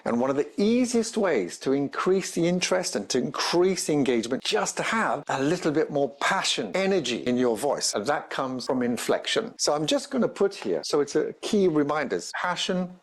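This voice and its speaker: A man giving a presentation skills tutorial in an energetic, emphatic way, stressing each point in his lists. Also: fairly high pitch, moderate pace, few pauses.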